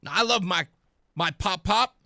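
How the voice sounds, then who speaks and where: A man's voice: high voice, normal speed, bright, forceful tone, no room sound. A young man hosting a talk radio show, delivering an emphatic, sarcastic opinion monologue into a studio microphone. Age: young adult.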